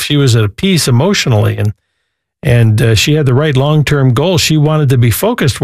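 A man's voice: medium pitch, darkish tone, no room sound. A man hosts a Christian call-in radio show. He speaks earnestly in a mid-range voice and slips into short sermons between calls. The sound is dry and close-miked. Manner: earnest, preachy, repeats words.

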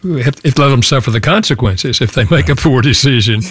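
A man's voice: mid-range voice, a little fast, fairly bright tone, slight background noise. An older man, a guest author, telling a personal story in an earnest way on a talk show. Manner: earnest storytelling, many restarts. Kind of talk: casual radio talk.

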